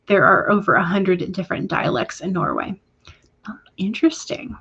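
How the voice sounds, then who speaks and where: Animated and gravelly, with a breathy edge, this mid-range female voice moves at normal speed through audio whose highs are cut off. As host of a casual writing stream, she reads viewers' comments aloud and warmly replies, pausing on hesitant fillers.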